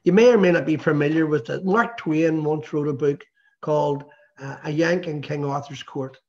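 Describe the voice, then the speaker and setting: A man's voice: on the high side, steady tone, normal speed. Rambling male host. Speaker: interview host. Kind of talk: casual interview chat. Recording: dull lo-fi recording.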